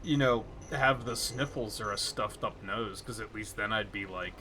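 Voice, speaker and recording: A man's voice: on the low side, steady tone, moderate pace, background noise. A man streaming a video game live, rambling casually and thinking aloud as he plays. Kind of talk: casual live gameplay commentary.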